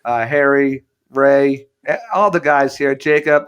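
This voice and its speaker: A man's voice: medium pitch, steady tone, a little slow, fairly bright tone, clear, resonant tone. A man co-hosting a casual sports podcast, signing off upbeat with plenty of "uh" fillers. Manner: upbeat, self-promoting sign-off with many "uh" fillers. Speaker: podcast co-host.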